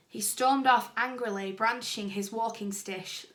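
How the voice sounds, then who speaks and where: Teacher lady reading a kids book out loud, lively, high bright voice. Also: measured pace. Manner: lively expressive storytelling. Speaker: primary school teacher. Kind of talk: reading a storybook aloud.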